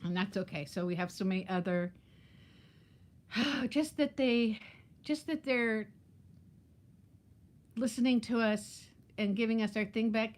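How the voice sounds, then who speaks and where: A vlogger in her fifties hosts a relaxed live-stream chat, laughing frequently and naming viewers as she greets them. Her fairly high voice is a little slow, and she pauses often.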